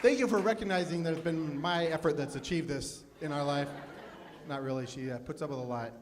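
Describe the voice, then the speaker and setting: A man's voice: fairly high pitch, a little fast. A man in his fifties doing a live stand-up comedy set, self-deprecating and chatting with the crowd. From Phoenix, USA. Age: 50s. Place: live comedy club with audience.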